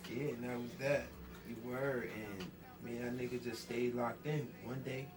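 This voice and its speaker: A man's voice: mid-range voice, moderate pace, recorded from a distance, background noise. A man from New York guesting on an interview, telling a long story with lots of street slang and acting out everyone he quotes. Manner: animated, acts out quoted dialogue, heavy slang. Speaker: rapper guest.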